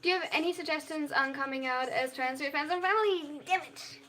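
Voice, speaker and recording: Bright high young German-accented woman streamer. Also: fast. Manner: reads viewer questions aloud and answers them earnestly and openly. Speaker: live streamer. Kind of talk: live stream chat Q&A.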